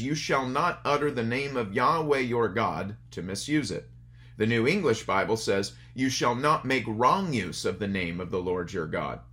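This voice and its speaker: A man delivers a sermon in an easy, conversational manner, telling a story before turning to scripture. His voice sits a little low. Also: a bit bright. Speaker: pastor. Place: church service streamed online.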